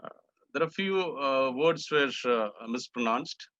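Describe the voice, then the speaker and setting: A man with an Indian English accent walks through mispronounced words one by one, repeating each for practice. His tone is bright and forceful, filled with hesitant fillers. The audio is dry and a little dull, like an online meeting. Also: medium pitch, lively intonation, unhurried, no room sound. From Indian subcontinent. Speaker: pronunciation master at a club meeting. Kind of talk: meeting report, correcting pronunciations.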